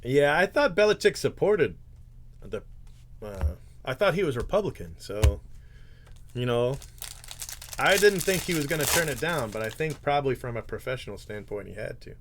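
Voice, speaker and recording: A man's voice: medium pitch, very animated, normal speed, long pauses, noisy background. A man hosting a live card break, chatting casually, joking and tripping over his words as he reads out player names. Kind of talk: casual live-stream chat.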